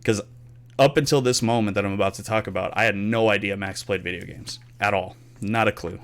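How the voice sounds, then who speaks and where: A man's voice: fairly low pitch, a little fast. A young man hosting a casual podcast, telling gaming stories with loose swearing and acted-out quotes. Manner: animated storyteller, swears freely, acts out quotes. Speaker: podcast host. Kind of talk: casual storytelling chat.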